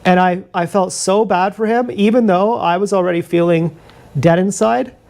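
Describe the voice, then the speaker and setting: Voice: mid-range voice, moderate pace, creaky, darkish tone. Rambling, profane live-streamer. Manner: profane, rambling, confessional storytelling. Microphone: action camera mic.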